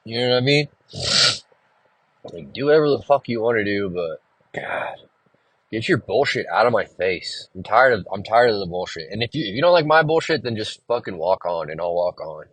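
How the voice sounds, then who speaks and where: A man's voice: on the low side, animated, moderate pace, breathy edge, no room sound. A man hosting a solo podcast, rambling casually and venting with a lot of swearing. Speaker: podcast host and musician.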